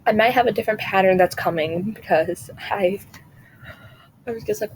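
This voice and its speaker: A woman's voice: medium pitch, moderate pace, slight background noise, rough recording. A woman vlogger in casual chat, rambling and chatty, often trailing off and restarting her sentences.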